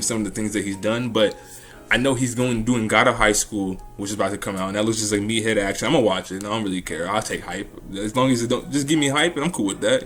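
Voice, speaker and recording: A man's voice: lowish voice, fairly bright tone. A man hosting a casual talk about an anime, rambling in a slangy way with lots of restarts and swearing. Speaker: anime commentary host.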